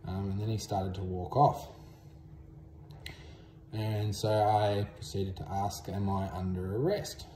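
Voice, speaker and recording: A man's voice: fairly low pitch, little pitch movement, slow pace, long pauses, mellow, reverberant, slight background noise. A man with an Australian accent casually recounting a story to the camera, laid-back and drawling, with frequent ums. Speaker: vlogger.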